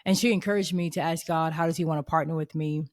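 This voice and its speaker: A woman in her thirties tells a personal faith story on her podcast. Her voice sits a little low, and she speaks earnestly and expressively, slipping into the voices of the people in her story. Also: steady tone, quick pace. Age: 30s. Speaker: podcast host.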